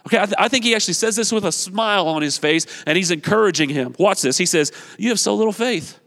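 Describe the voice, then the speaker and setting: A man's voice: high voice, quick pace. A male pastor preaching a sermon with energy, urging the congregation on and repeating his phrases. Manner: energetic, exhorting, repeats phrases, acts out quotes. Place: church sanctuary. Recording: long reverb of a large hall.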